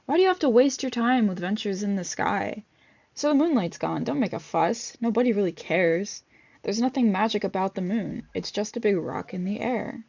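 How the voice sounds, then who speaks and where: A woman's voice: mid-range voice, lively intonation, normal speed, gravelly, darkish tone. A woman voicing a grumpy male bully who scolds dreamers, in a put-on British accent, with scornful scolding. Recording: dull lo-fi recording.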